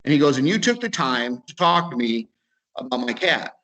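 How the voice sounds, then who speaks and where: This webinar speaker, heard on poor audio, has a mid-range voice with big swings in pitch, sounding pushed and bright at a normal speed. With an Upper Midwest American accent, he tells a story casually over video, repeating words and playing both sides of a conversation.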